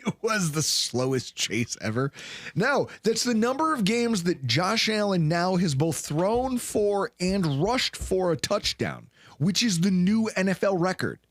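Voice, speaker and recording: A man talks sports in a casual recap, his voice rising and falling all over the place as he acts out what people said. His pitch sits a bit high for a man. The sound is dry and close. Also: a little slow, no room sound. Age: late 20s or 30s. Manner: animated storyteller, acts out quotes loudly. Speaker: co-host of a sports recap show.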